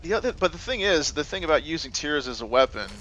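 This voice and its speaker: A man's voice: fairly high pitch, very animated, quick pace, a bit bright, muffled recording, slight background noise. A man co-hosting a gaming video, telling rambling stories with lots of uhs and restarts. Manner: rambling storyteller, many fillers and restarts. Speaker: co-host of a gaming let's play. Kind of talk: casual gaming chat.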